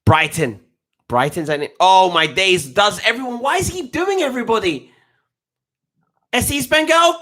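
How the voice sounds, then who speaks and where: A fairly high-voiced man rambles through a live football match reaction. He talks like a coach, excitable and full of slang and restarts. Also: moderate pace, long pauses.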